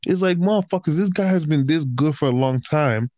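A man's voice: on the high side, brisk, darkish tone, no room sound. A man in casual chat, ranting heatedly about football with constant swearing and slang. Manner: heated, profane rant with slang like bro. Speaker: podcast host and football fan.

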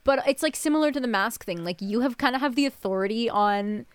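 A woman's voice: on the high side, a little fast, smooth, no room sound. A young woman in her twenties co-hosting a casual podcast chat, talking sarcastically and rambling with lots of "like". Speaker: podcast co-host.

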